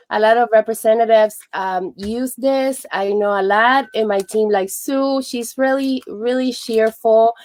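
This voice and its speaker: A woman co-hosting a casual live stream, cheerful, laughing often and filling with "um" and "you know". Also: fairly high pitch. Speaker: co-host, Avon representative.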